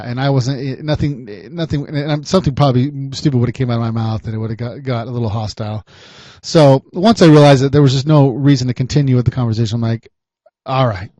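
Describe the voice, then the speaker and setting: A man hosting a podcast, a private investigator telling a story in a chatty, animated way. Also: medium pitch, no echo, dull audio. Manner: animated, chatty, laughs often.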